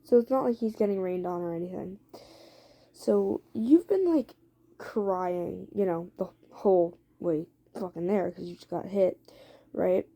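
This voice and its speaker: A woman casually narrating an improvised story to her viewers in a rambling, chatty way, swearing and filling pauses with "um.". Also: lowish voice, gravelly, mellow. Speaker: storyteller for listeners.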